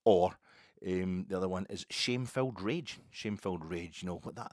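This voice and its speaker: A Scottish man delivering a football opinion monologue, ranting passionately and swinging from low, musing stretches to high outbursts. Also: a little fast, a little mellow, no room sound, clean studio sound. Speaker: football podcaster.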